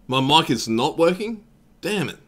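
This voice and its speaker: A man's voice: on the high side, big pitch swings, a little slow, a bit bright. A young Australian man hosting a game tournament live-stream, chatting casually with his viewers and swearing freely.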